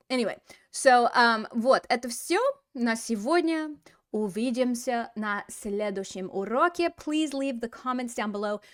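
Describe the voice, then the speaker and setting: A woman's voice: mid-range voice, dry recording, studio quality. Playful woman teaching a video lesson. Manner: playful, chatty, laughs at herself. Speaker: Russian teacher.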